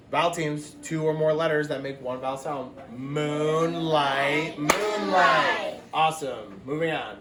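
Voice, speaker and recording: Guy teaching kids phonics, kinda high voice, echoey room w/ noise, says every word twice. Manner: patient, explains words slowly and repeats them. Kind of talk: phonics lesson for young children.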